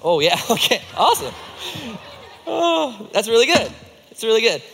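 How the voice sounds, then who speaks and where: A man's voice: sits high, very animated, normal speed, a bit bright, husky. A man teaching a children's group, acting out a Bible story with volunteers in a playful, coaching way. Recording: echoey hall.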